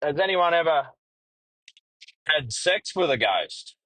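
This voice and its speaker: A man's voice: a little high, expressive, slow pace, bright, forceful tone, no echo, far from the mic, heavily acted, low-quality recording. An Australian man doing an eager ghost convention presenter. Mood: quizzing.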